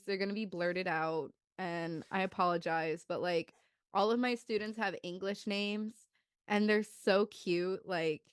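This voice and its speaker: Twenties woman chatting on a podcast, smooth clear voice, dry close sound, lots of "like"s, jumps way up for kid voices. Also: no echo. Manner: animated, acts out the children's voices with big jumps in pitch; loose, chatty telling with many "like"s. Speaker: podcast co-host. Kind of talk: casual storytelling chat.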